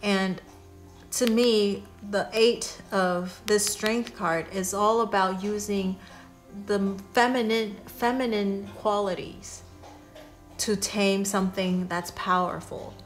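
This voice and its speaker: A woman's voice: mid-range voice, fairly even intonation, takes it slowly. Chatty woman tarot reader, faint music. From Asia. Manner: chatty, frequent fillers and restarts, "right?" tag questions. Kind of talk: casual advice monologue.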